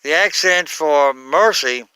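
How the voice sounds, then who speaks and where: A man giving an unscripted Bible talk, halting, with many fillers and self-corrections. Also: fairly high pitch, pushed and bright, smooth, no room sound. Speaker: Bible teacher.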